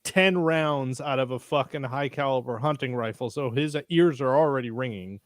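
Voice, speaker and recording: A man's voice: mid-range voice, moderate pace, no room sound, clean studio sound. A man co-hosting a podcast in casual chat, rambling and swearing freely, often trailing off into fillers. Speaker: podcast co-host.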